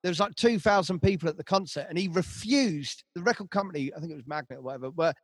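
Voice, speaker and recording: A man's voice: fairly high pitch, fast talker, husky, dry recording, clean studio sound. A man, a band manager telling rambling stories in casual conversation, with a lot of swearing and restarts. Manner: rambling storytelling, heavy swearing, frequent restarts.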